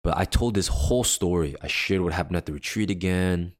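Man, very low voice, earnest personal storytelling, casual podcast chat, acts out quotes. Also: fairly quick. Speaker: podcast co-host.

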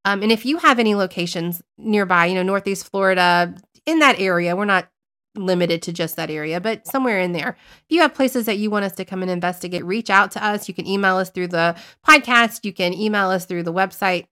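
A woman co-hosting a casual paranormal podcast, chatty and animated as she retells what happened on an investigation. She pokes fun at her own slip-ups. Her pitch sits in the middle range for a woman. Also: a little fast. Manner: chatty, animated storytelling, self-mocking. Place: based in Northeast Florida.

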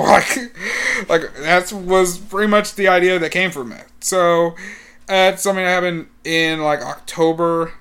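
A teenage man, telling a story in a rambling casual way, full of "like" and restarts, with bursts of excitement. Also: sits high, slow, clear, resonant tone. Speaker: high school student.

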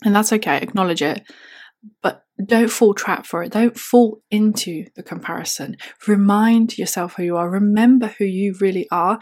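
A woman's voice: medium pitch, normal speed, a little mellow. A woman hosting a reflective solo podcast who speaks with a slight non-native accent, earnest and self-encouraging, at times quoting her own doubts to herself. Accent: slight non-native English accent. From outside the UK, moved to the UK young. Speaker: podcast host. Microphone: simple computer microphone.

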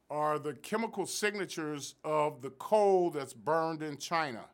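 In an interview, a male professor appearing as a guest expert from the Sacramento area explains environmental science. His voice is fairly high, animated and a little slow, and his lecturing manner is emphatic, with stress on key figures.

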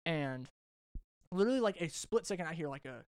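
In a brisk, rambling story on a laid-back podcast, the young male host swears constantly and keeps backing up to restart what he's saying. The sound is dry and close-miked, and his somewhat high voice comes through smooth and clear.

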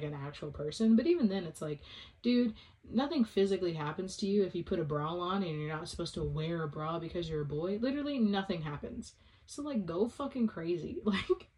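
Young adult woman, slightly low voice, loose rambling solo-podcast host with casual swearing. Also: darkish tone. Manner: rambling, full of "like" and "um", swears freely. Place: at home.

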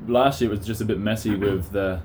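Low-voiced man hosting a casual chat. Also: brisk, slight background noise. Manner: relaxed, asks questions. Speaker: host.

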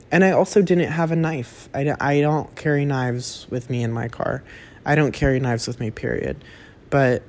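A young adult man hosts a solo podcast, rambling casually, chatty and self-correcting, swearing freely. His voice is fairly high and a little mellow.

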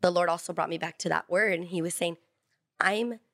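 A woman guest on a faith podcast tells her story in an earnest, candid way, leaning on casual fillers as she goes. Her voice sits a little low, and the recording is close and dry with no room sound. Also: flat delivery, fast talker, creaky, a bit bright, no echo. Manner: earnest, candid, heavy use of "like".

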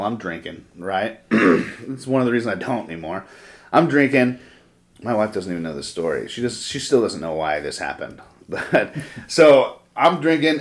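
Swearing, rambling male podcast talker. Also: medium pitch. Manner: profane, rambling storyteller. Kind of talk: casual podcast chat.

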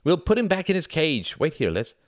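A man's voice: a little high, big pitch swings, brisk, no room sound, voice pushed up. A cocky, careless schoolboy from an audiobook, as a man puts him on. He sounds brash and offhand, his voice pushed well above the reader's own. The sound is close and dry. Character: careless, confident schoolboy, older brother.

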